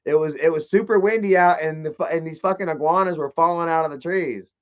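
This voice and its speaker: A man talks loosely on a live stream, his voice sitting a bit high. He rambles, jokes and swears. The sound is muffled and lo-fi. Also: fairly quick. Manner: rambling, profane and jokey. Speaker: live streamer opening fan mail. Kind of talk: casual live-stream chat.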